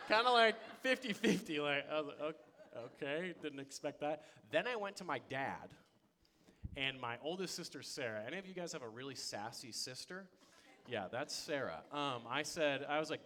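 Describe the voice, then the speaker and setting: A young adult man preaching a sermon as a pastor, telling stories with energy and swinging between loud excitement and quiet. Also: on the high side, moderate pace. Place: church sanctuary.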